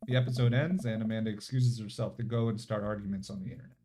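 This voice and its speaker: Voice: mid-range voice, fairly even intonation, quick pace. A streamer casually reading a game's story aloud, sometimes correcting themselves mid-word. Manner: casual, self-correcting narration. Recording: background music.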